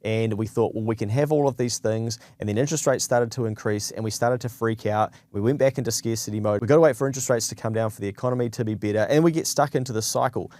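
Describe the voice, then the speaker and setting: A man with a New Zealand accent talks through business advice in a conversational, straight-to-camera way. His pitch sits in an ordinary middle range, and the recording is dry and close with little room sound. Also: dark tone, no echo. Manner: conversational, acts out quoted voices. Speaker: business advisor.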